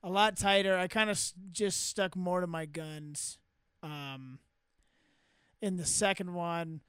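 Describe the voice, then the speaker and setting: A young man with a high, clean voice chats on a comedy podcast. He rambles, stops himself and fills gaps with ums. The sound is close and dry. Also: fairly bright tone, clean tone, no room sound. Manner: rambling, halting, with many ums and restarts. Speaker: stand-up comedian and podcast co-host. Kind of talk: casual podcast chat.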